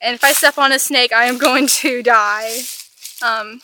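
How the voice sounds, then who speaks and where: A woman's voice: on the high side, fairly even intonation, measured pace, pushed and bright, a little hiss or hum. A teenage girl vlogging as she walks through the woods outdoors, filming on a handheld camera and talking in a dramatic, panicky, self-mocking way. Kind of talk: casual vlog narration while hiking.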